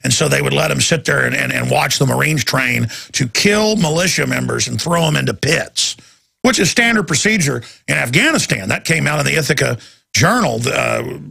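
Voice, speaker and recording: A man hosting talk radio with a deeply gravelly, raspy voice. He speaks forcefully and intensely, pressing each point into a studio microphone with a husky edge. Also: animated, moderate pace. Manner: intense, ranting, emphatic. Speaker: radio talk show host. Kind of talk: impassioned talk radio monologue.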